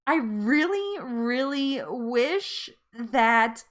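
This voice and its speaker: A woman's voice: fairly high pitch, lively intonation, drawn-out words. A woman hosting a casual live-stream chat with viewers, chatty and rambling, often laughing at herself.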